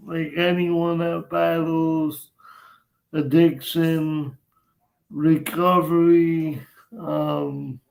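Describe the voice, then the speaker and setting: A young man hosting a casual podcast chat, talking haltingly with frequent restarts. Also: fairly high pitch, gravelly, darkish tone, low-quality recording. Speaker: podcast host.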